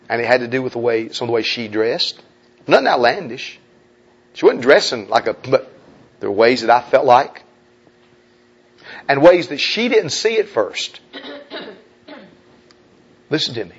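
A male preacher telling a personal story in a sermon, swinging between hushed confiding tones and loud urgent appeals. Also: mid-range voice, very animated, normal speed, long pauses, slightly rough. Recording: dull lo-fi recording.

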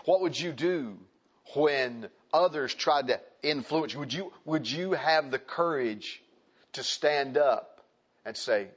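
A man's voice: on the high side, expressive, slow, slightly rough. A man preaching a sermon to a congregation, reading scripture aloud and repeating phrases for emphasis in a conversational way. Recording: slightly muffled recording.

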